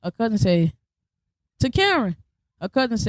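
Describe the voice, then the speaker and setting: In a fairly high voice at a moderate pace, with no echo, a young adult woman narrates a story on her podcast. Her style is blunt and slangy, and she animates the retelling by doing voices for the people she quotes.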